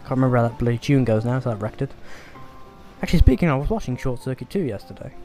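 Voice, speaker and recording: A man's voice: mid-range voice, expressive, very fast, mellow, faint music behind. A man giving dry, joking, sweary commentary over a video game. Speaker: let's play host. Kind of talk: sarcastic gameplay commentary.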